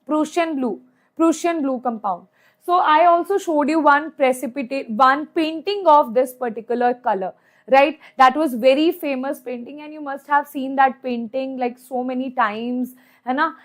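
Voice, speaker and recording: A woman's voice: high-pitched, moderate pace. A young woman with an Indian English accent teaching chemistry in an online exam-prep lecture, chatty, repeating her points and asking "right?" again and again. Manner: chatty, repeats points, asks "right?" often, mixes in Hindi.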